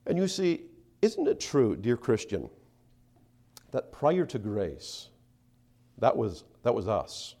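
A man preaching a sermon, acting out the speakers he quotes and dropping to soft asides between them. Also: mid-range voice, wildly swooping pitch, slow pace, vocal fry, long pauses. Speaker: pastor.

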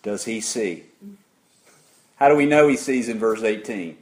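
A man preaching an interactive sermon, putting questions to the congregation in an emphatic, deliberate way. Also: on the low side, expressive.

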